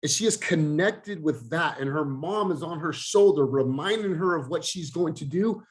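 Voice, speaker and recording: A man's voice: on the high side, animated, moderate pace. A man hosting a group coaching video call, speaking in an intense, emphatic way and swearing now and then.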